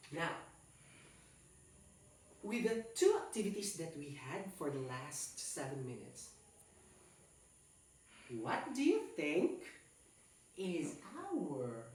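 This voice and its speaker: A woman teaching a class live, her pitch leaping high as she coaxes students to ask and answer. She speaks slowly and deliberately. The sound is echoey and distant, picked up by a camera far off in the classroom. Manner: animated, coaxing questions to students.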